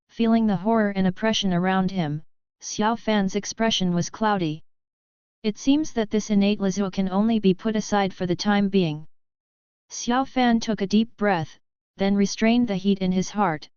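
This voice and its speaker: A woman narrating an audiobook novel in an even, steady storytelling manner. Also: medium pitch, clear, resonant tone, no echo. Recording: slightly dull lo-fi recording.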